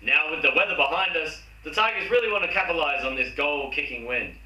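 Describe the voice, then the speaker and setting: A man's voice: a little high, expressive, fast, pushed and bright. An Australian man hosting a comic football recap, reading the match summary in a mock-formal commentator tone. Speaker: host. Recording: roomy room, distant mic.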